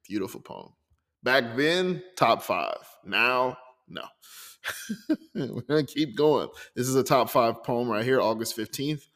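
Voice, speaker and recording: A man hosting a personal podcast, reflecting openly and slowing down to read his own poems aloud. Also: mid-range voice, animated, fairly bright tone, long reverb tail. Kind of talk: personal podcast monologue with poetry readings.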